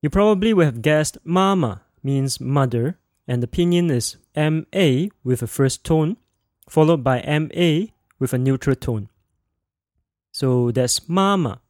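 Male podcast teacher, mid-pitched, patient and precise, dry close-mic sound. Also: darkish tone, dry recording. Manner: slow, clear modeling of sounds for repetition. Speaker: language teacher and podcast host. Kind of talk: scripted podcast language lesson.

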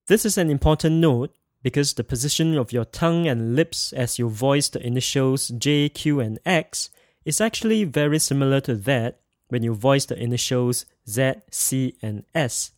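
With a medium-pitched voice and moderate pace, a male language teacher walks through pinyin pronunciation, carefully repeating sounds for students to echo. The recording has clean studio quality.

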